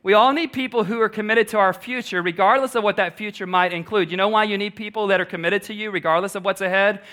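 A man's voice: sits high, steady tone, fast talker, pushed and bright. A male pastor preaching a sermon, emphatic, repeating key lines and putting questions to the congregation.

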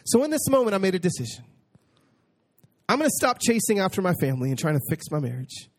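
A man preaching a personal testimony, moving between hushed storytelling and excited exclamation and reading scripture slowly and emphatically. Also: high-pitched. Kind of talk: sermon testimony.

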